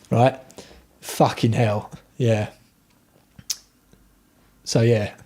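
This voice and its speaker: Male streamer, husky voice, rambling, swears a lot, casual chat. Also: mid-range voice, fairly even intonation, very slow, a little mellow. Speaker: livestream host.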